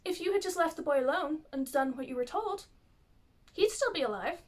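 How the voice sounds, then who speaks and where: A woman putting on the voice of a scheming, manipulative witch mother who speaks softly and with false sweetness. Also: sits high, animated, fairly quick, voice pushed up. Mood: cold. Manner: soft, falsely sweet, coaxing. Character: cold scheming mother witch, pretending to be nice.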